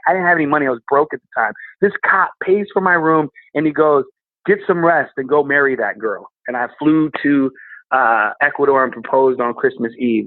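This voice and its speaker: A man who is a guest comedian, telling candid personal stories in a casual, animated way. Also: on the high side, no room sound. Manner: candid and animated, with quick laughs. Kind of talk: casual storytelling. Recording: tinny phone-like line.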